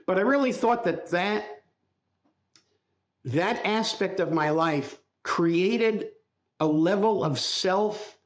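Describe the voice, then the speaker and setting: An older man as a podcast guest, recalling his life in a reflective, halting storytelling way. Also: high-pitched. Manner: reflective, speaks in halting restarts while recalling. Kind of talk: casual interview storytelling.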